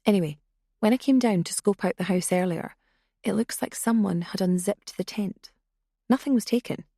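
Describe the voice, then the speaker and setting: A woman voicing a blunt, wry young woman who talks briskly and matter-of-factly. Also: mid-range voice, warm tone, no room sound, clean studio sound, close to an everyday voice.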